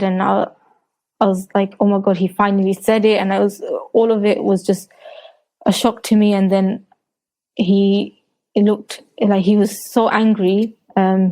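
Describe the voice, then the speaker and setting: A woman's voice: medium pitch, rough recording. A woman in her thirties with a London accent, telling her personal story as an interview guest, hesitant with many restarts and fillers. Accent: London English. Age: 30s. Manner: recounts quotes in a flat retelling voice.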